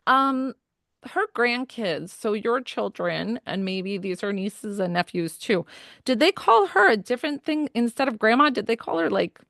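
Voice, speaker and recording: A woman's voice: a little high, expressive, unhurried, gravelly, fairly bright tone, dry recording, studio quality. A woman giving a medium reading in a chatty, casual way, with lots of fillers and frequent laughs.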